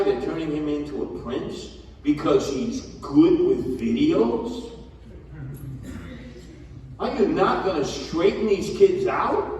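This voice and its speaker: A man delivers a blunt, scolding campaign speech at a slightly higher pitch than most men. He is heard from far off in a big echoey hall with a long reverb tail, with faint room ambience behind him. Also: a little mellow. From New York. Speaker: mayoral candidate. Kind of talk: campaign speech to a community gathering. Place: community hall gathering.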